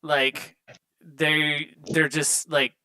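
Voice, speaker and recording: Brief: game master, bright forceful voice, dry close sound, rambling narration. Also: male voice, a little high, little pitch movement, very slow, dry recording, poor audio. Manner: loose, rambling description full of fillers.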